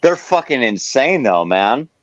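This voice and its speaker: A man's voice: medium pitch, very animated, a little slow, no echo. Man, stream host, casual profane chat, blunt, dry muffled sound. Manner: blunt, swears constantly.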